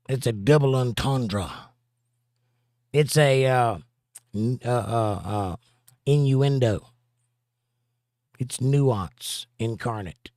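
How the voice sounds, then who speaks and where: A man's voice: medium pitch, a little mellow, no room sound, clean studio sound. A man hosting a casual livestream, reading viewer comments aloud and joking back. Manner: joking, wry, laughs at his own jokes. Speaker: livestream host.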